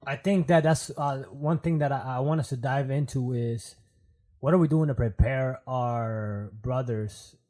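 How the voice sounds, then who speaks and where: A man's voice: mid-range voice, a little slow, mellow. A man who is a Marine, talking as a podcast guest in an earnest, reflective way, often adding "man" and "you know what I'm saying". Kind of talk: casual interview talk.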